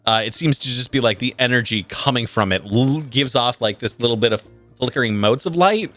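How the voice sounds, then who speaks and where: A man's voice: medium pitch, a little fast, fairly bright tone, soft background music. A man narrating a tabletop game as game master, in a casual, rambling manner full of filler words.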